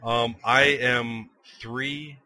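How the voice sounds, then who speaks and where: A man's voice: mid-range voice, very slow. A man co-hosting a casual gaming podcast, telling stories with lots of laughter and acted-out quotes. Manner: animated storyteller, laughs often, acts out quoted lines. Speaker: podcast co-host. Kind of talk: casual chat.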